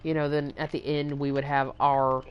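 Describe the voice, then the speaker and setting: A woman's voice: very deep voice, flat delivery, moderate pace, dull audio, slight background noise. A young woman from Texas hosting a livestream, telling long rambling stories with lots of fillers and swearing. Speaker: livestream host. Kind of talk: casual storytelling chat.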